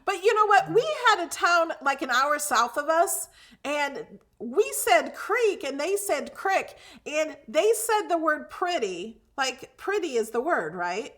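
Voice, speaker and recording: A woman hosting a casual livestream, telling stories in an animated way. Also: high-pitched, measured pace. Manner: animated storyteller. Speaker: host.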